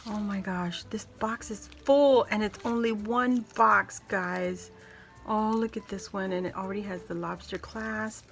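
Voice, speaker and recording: A woman's voice: mid-range voice, steady tone, a little slow, vocal fry, soft background music. Gushing woman opening craft mail. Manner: effusive, gushing exclamations. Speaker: crafting channel host. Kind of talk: casual unboxing vlog.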